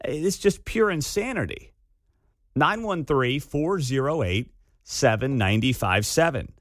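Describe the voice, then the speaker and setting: Sarcastic talk radio host, dry studio sound. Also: male voice, medium pitch, animated, measured pace, fairly bright tone, dry recording. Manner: incredulous, sarcastic, laughs at the absurdity. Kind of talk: opinionated talk radio monologue. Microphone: studio microphone.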